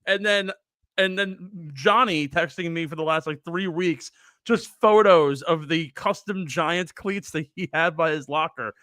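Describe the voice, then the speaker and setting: A man in his twenties telling rambling stories in a casual chat, with animated bursts. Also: on the high side, measured pace, no room sound, clean studio sound. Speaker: panelist.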